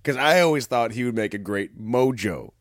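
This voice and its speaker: Podcast co-host, male, animated pitch, rambling chatter with frequent laughs, dry close sound. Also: normal speed, dry recording. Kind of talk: casual chat.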